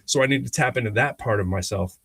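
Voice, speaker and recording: A man's voice: medium pitch, quick pace, slightly rough, dry recording. A man in mid-range tells stories on a podcast in an easygoing, conversational way, slipping into the voices of the people he quotes. The recording is dry and close, with no room sound. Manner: animated, acts out quoted voices, laughs often. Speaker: podcast co-host. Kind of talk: casual conversational storytelling.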